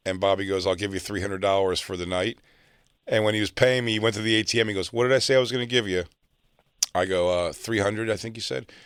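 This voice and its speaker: Storytelling man with a low, dry voice. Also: fast, clean tone, no echo. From South Jersey, near Philadelphia. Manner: animated, acts out other people's lines. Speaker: comedian guest. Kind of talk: casual storytelling.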